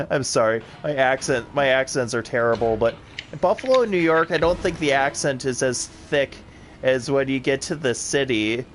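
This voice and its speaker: A man's voice: medium pitch, lively intonation, moderate pace, slight background noise. A man with a Wisconsin accent chatting casually while playing a game, rambling and full of fillers. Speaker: co-host of a gaming stream.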